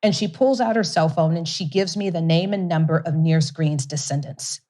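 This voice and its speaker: Animated woman telling a story. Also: low voice, normal speed. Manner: animated storyteller who laughs often and repeats words for emphasis. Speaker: guest, company CEO. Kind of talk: conversational storytelling interview.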